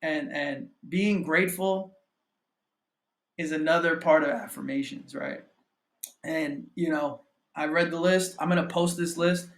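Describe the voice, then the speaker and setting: High-voiced man coaching affirmations in a roomy space. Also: a little slow. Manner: keeps asking "right?" as a tag; reads affirmations in a steady list. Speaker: mindset coach and trader. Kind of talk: casual motivational talk.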